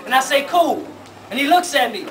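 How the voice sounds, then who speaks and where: A man performing spoken word poetry live at a university, rhythmic and dramatic with loud bursts. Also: extremely high pitch, lively intonation, racing, recorded from a distance. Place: university hall with audience. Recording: live hall from afar, audience.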